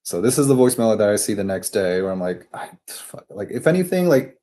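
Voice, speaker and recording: A man's voice: lowish voice, very animated, fast talker, dark tone. A man telling a story casually to the camera, rambling off topic and swearing freely. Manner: rambling and digressive, profane, with frequent fillers. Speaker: vlogger.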